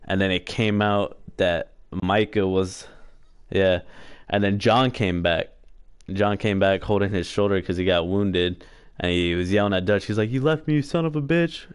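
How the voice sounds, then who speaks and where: A man with a deep voice recaps a game's story in casual commentary. His delivery is flat and meandering, full of fillers, restarts and offhand swearing. The sound is smooth and dry, close to the mic. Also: unhurried, no room sound. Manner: rambling story recap with fillers and self-corrections; profane, offhand. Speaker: gameplay streamer.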